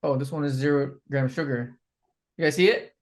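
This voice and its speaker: A man's voice: mid-range voice, fairly even intonation, fairly quick. A man mentoring a group over a video call, thinking aloud as he reads product labels.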